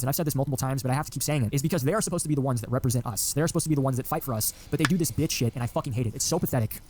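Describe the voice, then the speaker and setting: Fast, heated ranting man. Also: a little high, darkish tone, slight background noise. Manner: heated, profane, mocking. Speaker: online commentator. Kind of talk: angry political rant.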